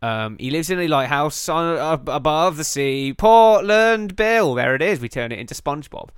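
A man's voice: medium pitch, a little fast, fairly bright tone, smooth, no echo, clean studio sound. A man co-hosting a casual comedy podcast, riffing and laughing as he goes and swearing freely. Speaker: podcast co-host.

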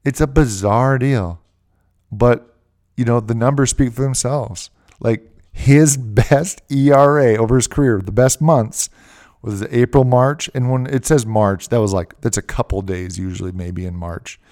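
A man's voice: medium pitch, a little slow, a little mellow. A man hosting a podcast, talking casually and rambling at length, often restarting his sentences mid-phrase. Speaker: podcast host. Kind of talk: casual fantasy baseball podcast talk.

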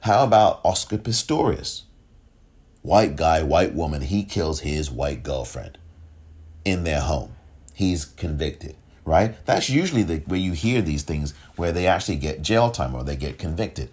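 Podcast host, male, deep husky voice, impassioned solo commentary, repeats lines for emphasis. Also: expressive, measured pace. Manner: impassioned, rising to near-shouted questions; rhetorical, repeats phrases for emphasis.

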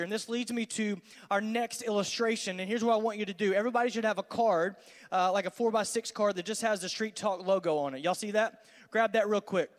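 Man preaching in a reverberant hall. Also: sits high. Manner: energetic, conversational, acts out dialogues. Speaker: student pastor. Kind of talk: youth sermon teaching.

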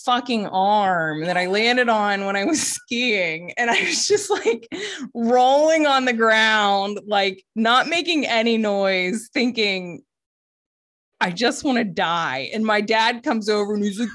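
A woman's voice: on the high side, expressive, slow pace, fairly bright tone. A woman in her forties, a podcast co-host, telling candid, profane stories in casual chat. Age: 40s. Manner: candid, profane storytelling with laughs.

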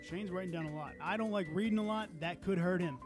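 A man's voice: high voice, quick pace. A man hosting a casual podcast, joking around and running a quiz for his friends. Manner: joking, storytelling, quizmaster. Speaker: podcast host. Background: music held up to the mic.

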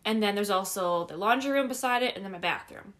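A young woman in casual chat, telling a story in an animated way, swearing constantly and laughing often. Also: mid-range voice, fast.

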